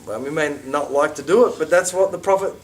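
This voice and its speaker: Man, middle-aged, teaching a casual religious class; animated and chatty, slightly high voice, a bit off-mic. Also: fast talker, distant mic, a little hiss or hum. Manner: animated, conversational, with asides and mock quotes. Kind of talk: informal class lecture.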